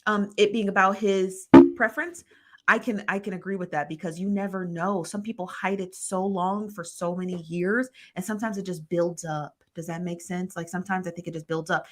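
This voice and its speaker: A woman's voice: on the low side, fairly bright tone. Chatty woman rambling on a livestream. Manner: rambling, self-correcting, chatty. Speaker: livestream host. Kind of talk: casual live-stream gossip chat.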